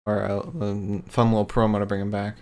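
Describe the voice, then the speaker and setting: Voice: sits low, flat delivery, a little fast, mellow. A podcast co-host recapping wrestling in a laid-back, casual way.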